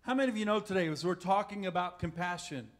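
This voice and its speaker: A man preaches with a notably high voice. His delivery is folksy and conversational, and he keeps turning to the congregation with questions. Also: quick pace. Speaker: pastor. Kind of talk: sermon.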